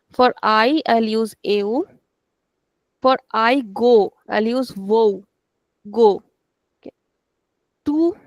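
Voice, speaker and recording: A woman's voice: fairly high pitch, darkish tone, no room sound. A woman teaching a language lesson, explaining step by step and checking in with "okay". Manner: switches into Hindi to explain.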